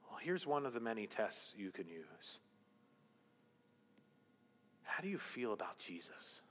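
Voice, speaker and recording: A man preaching a sermon as pastor, swinging between loud emphasis and hushed asides. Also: on the low side, sing-song, measured pace, pauses often. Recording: long hall reverb.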